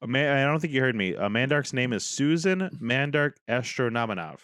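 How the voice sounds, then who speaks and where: A man's voice: mid-range voice, expressive, fairly quick, fairly bright tone, smooth. A man co-hosting a podcast, chatting casually, cursing freely and jokingly reading things aloud from his screen. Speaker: podcast co-host. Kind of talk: casual chat.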